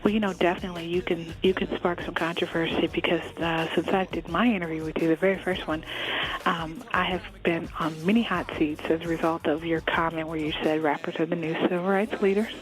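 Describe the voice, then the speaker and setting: Woman radio host, chatty and candid, lowish voice, faint music under. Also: steady tone, fairly quick, poor audio. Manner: chatty, candid, with frequent restarts. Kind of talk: radio interview.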